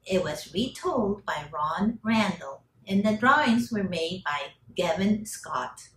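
Expressive woman reading a storybook aloud. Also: medium pitch, slow, a little hiss or hum. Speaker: teacher.

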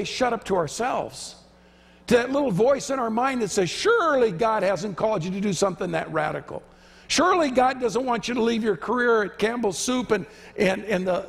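A man's voice: very high-pitched, vocal fry, breathy edge. A man preaching a sermon in a church, emphatic and acting out the quoted voices he describes. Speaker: visiting preacher. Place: church sanctuary. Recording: church hall reverb.

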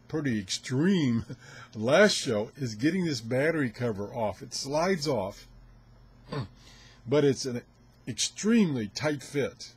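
An older man with a husky, slightly rough voice chats casually to camera as host of a ham radio show. He rambles along with chuckles and sounds a little out of breath. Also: medium pitch.

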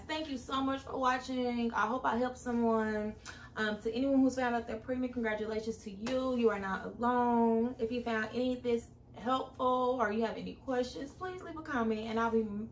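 A woman's voice: fairly high pitch, reverberant, a little hiss or hum. A young woman chatting directly to her viewers in a casual vlog. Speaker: vlogger. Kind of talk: casual pregnancy update vlog. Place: room at home.

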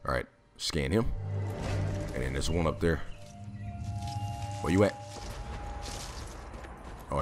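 A man giving casual gameplay commentary, jumpy and prone to sudden loud exclamations, with a slightly raspy voice. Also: very deep voice. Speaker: gamer.

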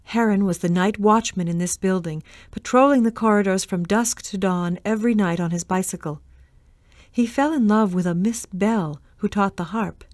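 A woman reading a storybook aloud in a measured, expressive way. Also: mid-range voice, no room sound, studio quality. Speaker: reader. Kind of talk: storybook narration.

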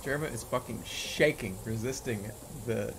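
A man's voice: mid-range voice, moderate pace, gravelly, noisy background. A man hosting a party game stream, bantering and joking in a mock-regal way with his friends. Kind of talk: casual banter over voice chat. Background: game music.

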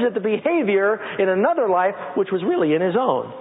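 A man's voice: high voice, very animated, brisk. A middle-aged man preaching a sermon to a congregation, reading scripture aloud and leading the people in repeating phrases. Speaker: pastor. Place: church sanctuary with congregation. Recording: lo-fi phone-like audio with long hall reverb.

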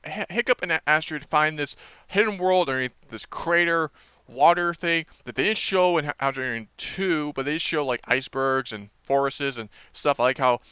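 A man talks through a movie trailer in a loose, rambling way, leaning on fillers and restarting his sentences. His voice is bright and very clear, recorded dry and close. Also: on the high side, moderate pace, no echo. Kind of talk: casual rambling review.

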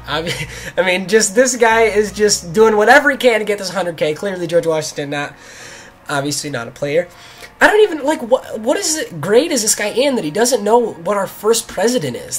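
A young man, a gaming YouTuber, telling a story in a mocking, animated way, laughing often and swearing. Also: high voice, brisk, soft background music. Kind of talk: storytelling commentary.

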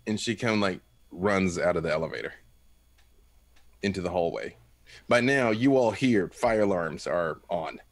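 A man's voice: low voice, normal speed, no echo. A man narrating as game master of a tabletop role-playing game, loose and filler-heavy.

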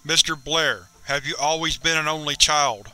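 A man voicing a calm, formal interviewer who keeps pressing his questions patiently. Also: on the high side, moderate pace, clear, resonant tone, low-quality recording. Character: calm, persistent male interviewer.

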